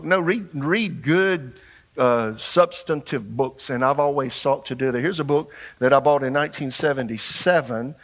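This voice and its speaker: An older man preaching a sermon as pastor, animated and shifting his delivery, putting questions to the congregation. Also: mid-range voice.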